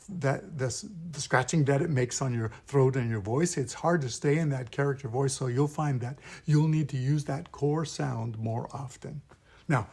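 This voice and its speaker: A man, a pastor, teaching puppet voices in a gentle, patient, step-by-step lesson. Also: medium pitch, breathy edge. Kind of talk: instructional video lesson.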